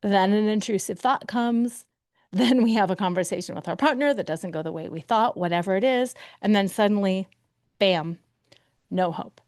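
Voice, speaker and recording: A middle-aged woman speaks straight into the mic as a coach on her own podcast. Her voice sits at a middle pitch and turns animated as she acts out the thoughts of hurt people. The sound is dry and close, with no room echo. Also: normal speed. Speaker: podcast host and betrayal recovery coach. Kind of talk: solo podcast monologue.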